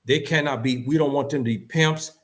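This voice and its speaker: A man in his fifties speaks his mind in an emphatic, insistent way. He often stumbles and repeats words as he restarts a thought. His voice sits at an ordinary middle pitch for a man. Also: brisk. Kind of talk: opinionated talk to camera.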